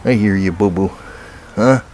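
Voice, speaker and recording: A man's voice: lowish voice, unhurried, darkish tone, slight background noise. A man talking to his cats in a coaxing voice, rambling and swearing casually as he films at home by his old car. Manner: coaxing pet talk mixed with rambling asides and casual swearing. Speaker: cat owner filming his cats.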